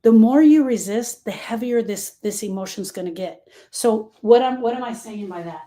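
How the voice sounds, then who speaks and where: A woman's voice: a little high, normal speed, mellow. Earnest woman host talking about grief. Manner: emphatic, repetitive, conversational storytelling. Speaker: podcast host. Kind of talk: heartfelt motivational talk on grief.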